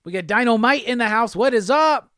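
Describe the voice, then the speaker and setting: A man hosting a live pop culture stream, chatting casually and reading viewer comments aloud with quick laughs. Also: very high voice, animated, bright, forceful tone, dry recording, clean studio sound. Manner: laid-back, chatty, quick laughs, reads chat aloud.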